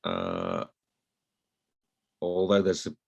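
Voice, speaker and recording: Deep-voiced northern English man. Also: sing-song, extremely slow, gravelly, husky. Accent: slight northern English, flat vowels. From Hull, England. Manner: rambling, self-deprecating, frequent restarts. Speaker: guest, newspaper columnist. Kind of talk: casual interview chat.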